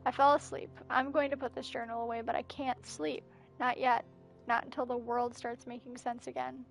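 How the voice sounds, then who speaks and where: A woman's voice: a little high, little pitch movement, normal speed, vocal fry, soft background music. A woman streaming a game and reading its messages and journal entries aloud as narration, with breathless asides. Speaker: gameplay streamer. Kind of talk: reading game texts aloud during a playthrough.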